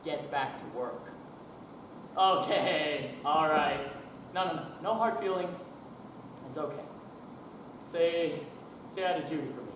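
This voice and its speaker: A man's voice: fairly high pitch, recorded from a distance, noisy background, lightly acted. A young man playing a blustering, bullying boss in an echoey hall. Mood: ranting. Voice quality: ranting, bullying, sarcastic. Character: hot-tempered blustering male boss on the phone. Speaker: speech competition contestant. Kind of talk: humorous interpretation monologue. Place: school auditorium.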